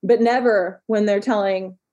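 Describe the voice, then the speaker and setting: A woman therapist in a casual podcast chat, animated and sarcastic as she tells stories. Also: mid-range voice, a little slow, dull audio. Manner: animated, sarcastic, acts out quoted parents.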